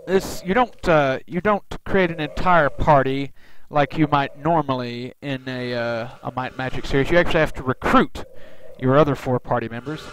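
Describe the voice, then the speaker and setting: A man's voice: mid-range voice, moderate pace, fairly bright tone, slight background noise, low-quality recording. A man hosting a let's play, giving casual gameplay commentary full of rambling, wry asides.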